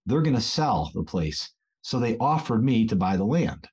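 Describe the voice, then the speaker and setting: Man, thirties, husky voice, animated storyteller, casual chat. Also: fairly low pitch, normal speed. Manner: animated, acts out quoted voices. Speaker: teacher and children's author.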